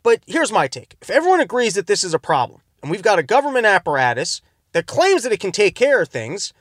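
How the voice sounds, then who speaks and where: A man's voice: sits high, very animated, quick pace, a bit bright, dry recording, clean studio sound. A man hosting a podcast, giving rambling, sarcastic comedic commentary from his car. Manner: rambling, sarcastic, self-interrupting. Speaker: podcast host.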